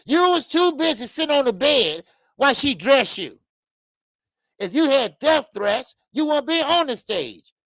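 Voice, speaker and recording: A man hosting a boxing live stream, reading viewer comments and ranting in an animated way, with many stammered fillers. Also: very high-pitched, unhurried, dry recording. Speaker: boxing channel host.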